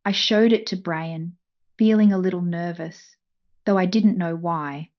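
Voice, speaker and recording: Slow soft-spoken woman storyteller. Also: on the low side, muffled recording. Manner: soft, measured, emotional. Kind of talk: scripted first-person story narration.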